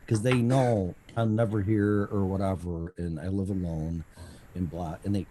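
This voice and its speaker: A man's voice: fairly low pitch, moderate pace, noisy background. A man hosting a casual live talk stream from home, rambling, sarcastic and full of swearing. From Colorado. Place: at home, audio only.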